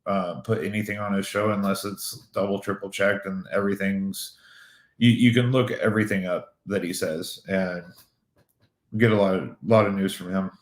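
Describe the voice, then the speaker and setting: Deadpan low-voiced guy cohosting a stream, dry humor, echoey room. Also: normal speed. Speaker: co-host of a livestream talk show. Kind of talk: casual livestream chat.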